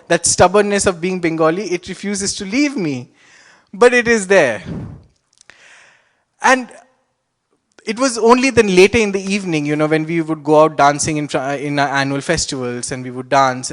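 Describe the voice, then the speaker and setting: Young Indian-accented man, fairly high voice, wry stage storyteller. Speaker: student storyteller.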